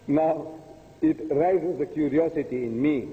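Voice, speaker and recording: A man's voice: on the high side, unhurried. An older man giving a religious lecture, talking emphatically, repeating his points and asking the audience rhetorical questions. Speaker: preacher. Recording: tinny phone-like audio in a long-reverb hall.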